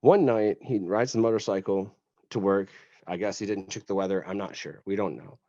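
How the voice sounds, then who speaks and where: A man's voice: deep voice, fairly even intonation, normal speed, mellow, dry recording. Casual male podcast guest from West Tennessee, rambling storyteller who cracks jokes and swears; dry, dull lo-fi sound.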